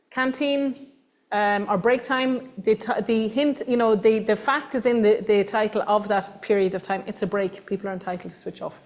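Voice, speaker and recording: A woman with an Irish accent giving a lively, emphatic workshop talk to a room of people, now and then acting out what others say. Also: medium pitch. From Ireland. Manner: animated, emphatic, acts out voices of others. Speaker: workshop presenter. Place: meeting room with audience.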